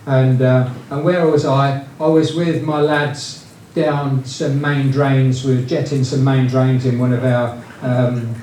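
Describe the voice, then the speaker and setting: In a very echoey room, picked up by a distant mic with faint noise, a retired business founder tells casual business anecdotes. His mid-range voice is dark and flat, he takes it slowly with hardly any pauses, and he rambles with many fillers and restarts.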